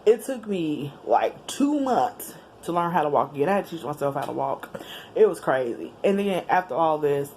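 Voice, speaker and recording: A woman's voice: sits low, moderate pace. Woman vlogger, chatty storytelling, faint background hiss. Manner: animated, chatty, with slang and laughs. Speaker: vlogger telling a personal story. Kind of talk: casual storytelling to camera.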